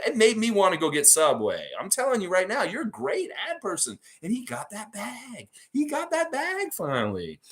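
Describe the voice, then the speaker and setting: A man hosting a casual sports fan show, telling stories in an excitable, rambling way. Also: mid-range voice. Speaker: sports podcast host.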